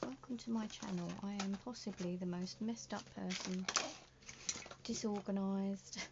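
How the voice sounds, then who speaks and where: A woman's voice: medium pitch, steady tone, unhurried, vocal fry, very noisy. A woman chatting casually to herself while making a junk journal, muttering and often slipping into a whisper as she works. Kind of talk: casual crafting vlog. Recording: dull lo-fi sound.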